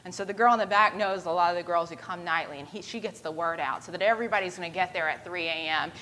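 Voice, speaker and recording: A woman preaching a sermon, retelling a story with lively voiced quotes. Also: on the low side, quick pace, rough recording.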